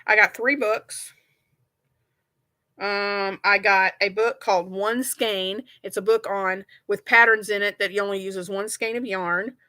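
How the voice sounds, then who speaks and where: Speaking unhurriedly in a medium-pitched, sharp voice with fairly even intonation, this middle-aged crochet channel host rambles casually with her livestream viewers and laughs a lot.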